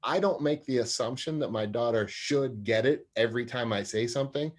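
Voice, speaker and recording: A man in his forties talks as an interview guest, earnest and expansive. He often laughs at his own shortcomings. His pitch and energy sit in an ordinary middle range. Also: fairly quick, hardly any pauses. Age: 40s. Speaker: sports psychologist and parenting guest. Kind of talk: conversational interview.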